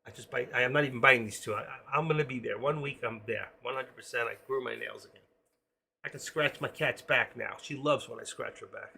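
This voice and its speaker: A little fast and gravelly with a breathy edge, the mid-range voice belongs to an excitable day trader in his sixties. He rambles through a casual live stream, adding pep-talk asides.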